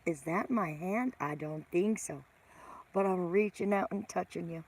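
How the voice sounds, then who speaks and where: A woman's voice: fairly low pitch, unhurried, darkish tone. A middle-aged woman hosting a casual live stream, greeting viewers by name and teasing herself.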